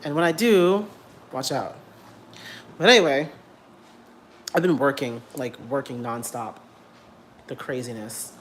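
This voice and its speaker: Blunt, animated young man ranting. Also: mid-range voice, unhurried, long pauses, a little hiss or hum. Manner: animated, repetitive, blunt and profane. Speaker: vlogger. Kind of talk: casual vlog rant. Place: home.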